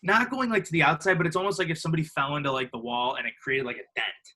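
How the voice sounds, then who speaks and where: Racing through his words in a slightly high voice, a podcast guest in his twenties from Illinois spins casual, animated stories over poor audio. He mimics others' voices, fills his speech with filler words and laughs a lot.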